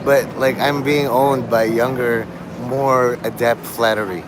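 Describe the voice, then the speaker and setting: A man's voice: mid-range voice, fairly even intonation, measured pace, background noise. A man live-streaming outdoors on a city street, chatting in a rambling, meandering way and laughing often between thoughts. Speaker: livestreamer.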